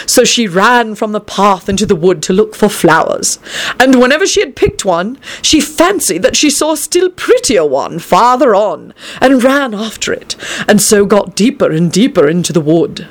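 A woman reading a fairy tale aloud in a lively, expressive storyteller's way. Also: mid-range voice, measured pace.

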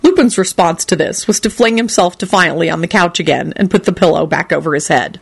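A woman's voice: lowish voice, fairly quick, vocal fry, few pauses, husky. A woman narrating an audiobook and acting out every character. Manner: expressive, acts out every character.

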